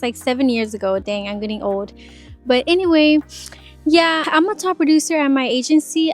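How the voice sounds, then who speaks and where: A woman in her twenties, an insurance sales agent, chatting casually and animatedly in an advice vlog. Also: fairly high pitch. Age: 20s. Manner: chatty, animated, demonstrates phone voices.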